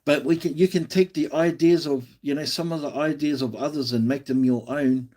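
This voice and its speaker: A man's voice: on the high side, fairly even intonation, a little fast, a little mellow. An Australian man hosting a live stream, chatting casually and encouragingly, often restarting his sentences.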